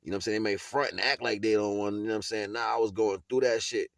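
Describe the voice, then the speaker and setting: A man's voice: lowish voice, fairly even intonation, quick pace, vocal fry, no echo, clean studio sound. A man giving a casual motivational monologue in street slang, laughing often and checking in with his listener as he talks. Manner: street slang, keeps asking "you know what I'm saying"; laughs often while talking. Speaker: video blogger.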